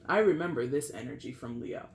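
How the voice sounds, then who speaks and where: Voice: mid-range voice, animated, a little fast, roomy sound, slight background noise. A tarot reader giving a casual, chatty reading, swearing freely and acting out little scenes. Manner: chatty, profane, acts out quotes.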